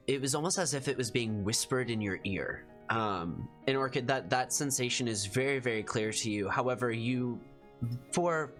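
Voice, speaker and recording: A game master narrating a tabletop game, halting with many fillers. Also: mid-range voice, fairly bright tone.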